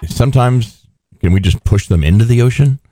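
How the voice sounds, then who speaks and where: A man's voice: mid-range voice, expressive, fairly quick, dark tone, no echo, studio quality. A man co-hosting a radio show, chatting casually and joking with a sarcastic edge. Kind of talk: casual on-air chat.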